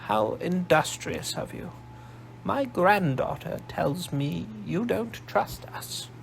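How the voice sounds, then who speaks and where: A man doing a posh English old woman, imperious and probing, raised high and unhurried, with a gravelly edge. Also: sing-song, slight background noise, heavily acted. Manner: slow, probing, commanding.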